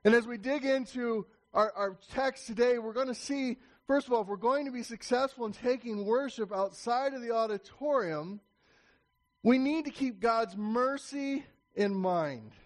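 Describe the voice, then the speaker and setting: High-voiced man preaching an emphatic sermon. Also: moderate pace. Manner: emphatic, repetitive restarts, rising to call out to the congregation. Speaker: pastor.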